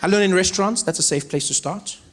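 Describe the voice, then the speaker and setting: South african man, stand-up comic, slightly high voice, animated storytelling, stage mic, faint ambience. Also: quick pace, some chatter behind, a little hiss or hum. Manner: animated storytelling with frequent accent impressions. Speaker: stand-up comedian. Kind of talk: stand-up comedy. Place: large theatre stage before a live audience.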